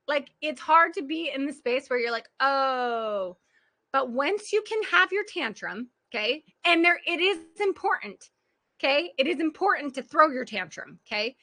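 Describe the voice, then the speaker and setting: Bright high-voiced woman coaching. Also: animated, normal speed. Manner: earnest, direct address to listeners, frequent laughter. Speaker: parenting and life coach. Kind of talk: motivational coaching talk on a group call.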